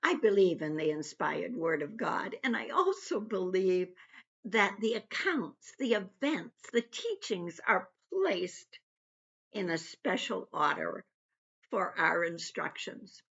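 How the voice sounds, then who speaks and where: A woman's voice: mid-range voice, sing-song, takes it slowly, vocal fry, a bit bright, slightly rough. A woman giving an earnest personal devotional talk, retelling scripture. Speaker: devotional speaker. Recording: dull lo-fi recording.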